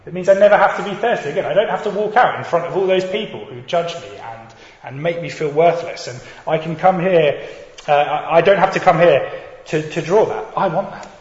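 A man's voice: a little high, expressive, brisk, a little mellow, natural voice. A man voicing a defensive, wary Samaritan woman at a well, retelling a scripture dialogue in his own plain voice. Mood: wistful. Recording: dull echoey hall with faint noise.

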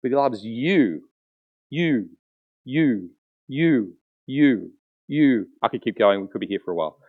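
A pastor preaches a sermon in a lively, medium-pitched voice that rises and falls sharply, speaking a little slowly with phone-quality sound. He tells wide-ranging stories with many restarts, acts out little voices, and asks his congregation questions directly.

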